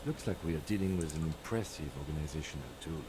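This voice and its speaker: An actor playing a calm, precise male police lieutenant, speaking in a measured, dry and formal way in a video game. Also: rumbling low. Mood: composed. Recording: game audio with clear background noise.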